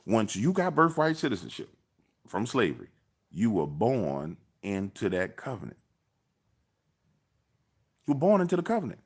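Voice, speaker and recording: A man hosting a political livestream from his car, blunt and profane in a casual monologue. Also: deep voice. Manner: blunt, profane, animated retelling.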